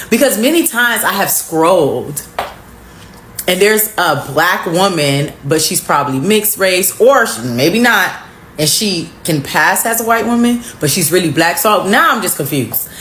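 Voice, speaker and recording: A woman's voice: fairly low pitch, expressive, moderate pace, fairly bright tone, slight background noise. A woman musing aloud in a chatty, casual talk to the camera. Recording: echoey room with faint ambience.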